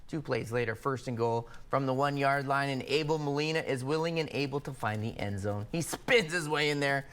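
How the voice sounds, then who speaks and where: A man co-anchoring a high school football highlights show, upbeat and full of sarcastic banter with his partner. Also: brisk, fairly bright tone, clear, resonant tone. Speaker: sports news co-anchor.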